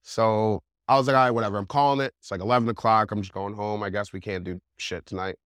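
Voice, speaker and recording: A young man, a podcast guest, telling a wild story in a casual, animated way, full of "like". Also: on the low side, quick pace, no echo, clean studio sound. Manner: animated, heavy use of "like", laughs while telling.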